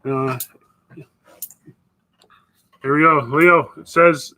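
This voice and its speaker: A man's voice: on the high side, measured pace, pushed and bright, poor audio. A man from northern Canada hosting a casual live stream, rambling and chatting as he reads viewer messages. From Northwest Territories, Canada. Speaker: livestream host.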